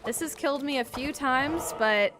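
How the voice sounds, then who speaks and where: A woman's voice: high voice, moderate pace. A woman streaming a game, chatting with viewers and yelping and swearing when things go wrong. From Canada. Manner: excitable, yelps and swears at the game. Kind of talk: live gameplay commentary. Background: game music.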